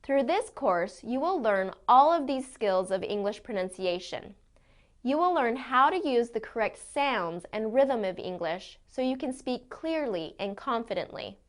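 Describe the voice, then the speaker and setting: Clear-spoken woman pronunciation teacher. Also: on the high side, expressive. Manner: clear, deliberate modeling of sounds. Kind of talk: scripted lesson narration.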